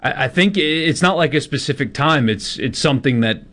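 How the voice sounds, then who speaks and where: A man's voice: a little high, animated, fairly quick, fairly bright tone. A man co-hosting a sports radio show, telling stories in a casual, self-deprecating way.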